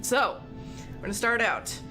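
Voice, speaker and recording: A woman's voice: on the high side, lively intonation, unhurried. A woman hosting a live game stream, chatting casually and greeting viewers in chat with an upbeat manner. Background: game music.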